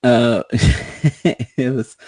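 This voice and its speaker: A man's voice: mid-range voice, steady tone, drawn-out words, a little mellow, no echo, rough recording. A man, co-host of a podcast, telling a long story in casual chat, rambling and swearing with lots of fillers.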